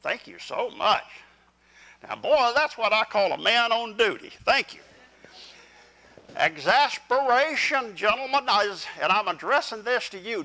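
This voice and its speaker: In a church sanctuary, an older pastor delivers a folksy, animated sermon. His fairly high voice swings up and down a lot, with a gravelly edge and a bright, forceful ring, though the audio is poor.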